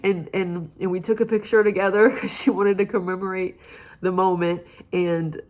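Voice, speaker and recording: A young woman giving an earnest, heartfelt personal testimony about her campus ministry. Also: fairly low pitch.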